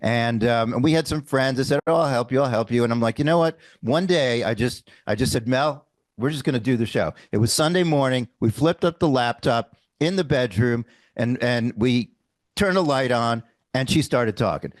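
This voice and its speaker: Older man telling his story haltingly. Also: medium pitch, dry recording. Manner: halting, with repeated starts. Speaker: guest. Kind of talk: casual interview talk.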